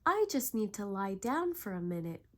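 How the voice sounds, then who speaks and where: A woman's voice: mid-range voice, big pitch swings, normal speed, close to an everyday voice. A woman voicing a curious little girl in a bedtime story who yawns, grumbles and whispers. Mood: sleepy, fussy. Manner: yawning, grumbling, then hushed whispers.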